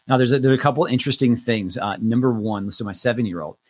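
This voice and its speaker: Relaxed man in his thirties, dry sound. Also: medium pitch, quick pace, dry recording. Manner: relaxed, rambling, frequent "uh" fillers. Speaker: podcast co-host and loan officer. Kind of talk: casual podcast talk.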